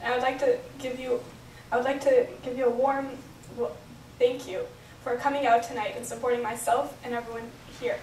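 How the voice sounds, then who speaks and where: A woman's voice: on the high side, fairly even intonation, a little fast, darkish tone, slight background noise. A young woman reading an earnest, emotional prepared speech at a celebration, recorded from far off in an echoey hotel function room. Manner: earnest, reads from notes, emotional. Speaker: bat mitzvah speaker.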